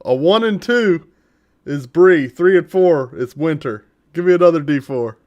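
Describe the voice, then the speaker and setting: A man running a tabletop game as dungeon master, lively and laughing often. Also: a little high, a little slow, muffled recording.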